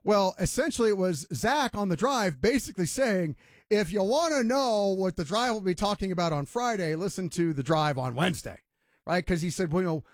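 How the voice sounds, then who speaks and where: Animated, emphatic male sports radio host. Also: high-pitched, brisk, dry recording, studio quality. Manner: emphatic, mocking, storytelling with voiced quotes.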